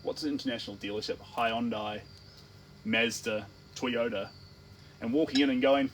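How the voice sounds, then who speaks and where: A man's voice: mid-range voice, steady tone, moderate pace, poor audio. A man with a New Zealand accent, an artist chatting casually on a livestream while he paints, rambling and playful. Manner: rambling, playful, full of restarts and tangents.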